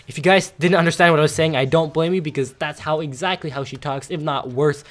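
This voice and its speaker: A teenage boy talks over gameplay in a loose, rambling rant. His voice sits somewhat high for a male, and he trails off and restarts his sentences often. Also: quick pace, hardly any pauses, a bit bright. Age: teens. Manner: rambling, ranting, many fillers and restarts. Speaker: gameplay commentator. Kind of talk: casual gaming commentary rant.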